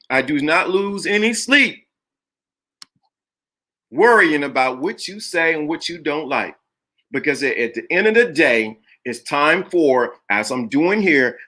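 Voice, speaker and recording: A man's voice: a little high, pushed and bright. A man hosting a live-streamed talk show, speaking emphatically, greeting chat viewers by name and repeating phrases for effect. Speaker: livestream host.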